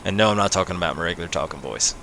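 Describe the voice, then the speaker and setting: Late at night, a gaming livestreamer plays a farming game and chats casually with viewers, laughing often and adding "man" to lots of his phrases in a laid-back way. His voice is low and very fast, with vocal fry and a bright, forceful tone. Slight background noise sits under the recording.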